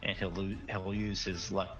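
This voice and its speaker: A man's voice: low-pitched, level tone, normal speed, soft background music. A man playing a tabletop game, describing his character's actions in a rambling, casual way on a dull lo-fi recording. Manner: rambling, many restarts.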